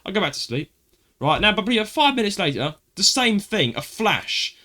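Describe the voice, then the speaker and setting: A man co-hosting a casual podcast, telling a story in an animated way and calling his friend "mate.". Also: sits high, fairly quick. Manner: animated storytelling, swearing, says "mate" a lot. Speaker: podcast co-host. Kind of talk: casual chat.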